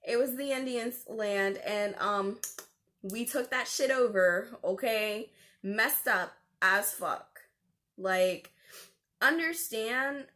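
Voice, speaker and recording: A woman's voice: a little high, bright, forceful tone. A young woman in a storytelling vlog, talking animatedly and indignantly about a customer call from her call center job, with lots of fillers. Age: young adult. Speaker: vlogger.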